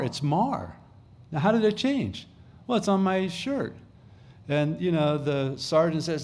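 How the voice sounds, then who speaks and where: Higher-voiced man preaching conversationally. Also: very animated, unhurried, darkish tone. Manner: conversational preaching with restarts and emphatic repetition. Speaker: pastor. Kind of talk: sermon.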